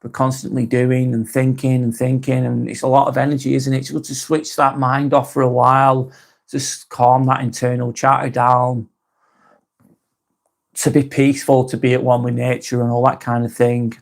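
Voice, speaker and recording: A man hosting a casual live stream, talking softly and unhurriedly, apologising often and reading out viewer comments. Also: mid-range voice, flat delivery, vocal fry. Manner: soft, unhurried, apologetic, with frequent ums and restarts.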